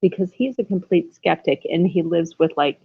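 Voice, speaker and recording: A woman's voice: fairly low pitch, normal speed, breathy edge, no room sound. A woman hosting a casual livestream from home, rambling and effusive, often breaking into laughter. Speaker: livestream host. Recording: tinny phone-like sound.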